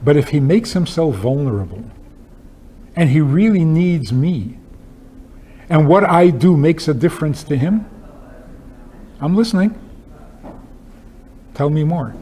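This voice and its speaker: A man's voice: a little high, expressive, measured pace, long pauses, warm tone, slight background noise. A man, a rabbi, giving a talk with humorous stories and pointed rhetorical questions in an emphatic, wry manner. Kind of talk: lecture with humorous storytelling.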